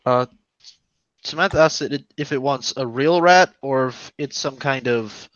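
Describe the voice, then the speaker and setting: A man's voice: mid-range voice, unhurried, fairly bright tone, no echo, muffled recording. A man playing in a tabletop game, describing his character's actions in the third person. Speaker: player.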